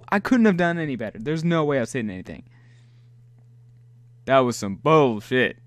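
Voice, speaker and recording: A young man giving live gameplay commentary, talking to himself, excitable and swearing often. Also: mid-range voice, a little fast, pauses often. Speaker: gaming video host.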